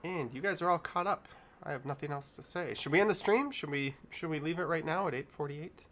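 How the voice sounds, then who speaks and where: A man's voice: fairly high pitch, a little fast, bright, forceful tone, slight background noise. A middle-aged man hosting a casual live stream, rambling in an easygoing way and chuckling often. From Canada.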